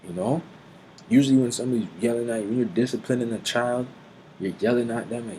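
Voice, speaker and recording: A man giving an informal Bible teaching, mixing street slang and swearing with slow, deliberate scripture reading. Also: medium pitch, a little mellow, a little hiss or hum, poor audio.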